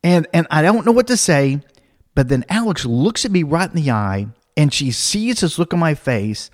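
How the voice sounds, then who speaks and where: A man telling a comic personal anecdote, animated, acting out the other people's voices and laughing as he goes. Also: a little high, normal speed. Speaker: storyteller.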